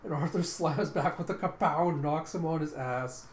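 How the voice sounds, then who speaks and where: A man's voice: a little high, moderate pace, a little hiss or hum. Casual man reading a comic aloud. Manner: casual and chatty. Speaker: manga reader. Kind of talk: casual comic book readthrough. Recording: echoey room.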